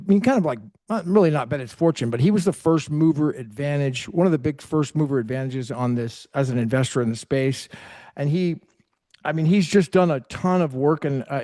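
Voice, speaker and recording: A man from California hosting an interview, enthusiastic and halting, restarting his sentences. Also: on the high side, darkish tone, no room sound, studio quality. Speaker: host.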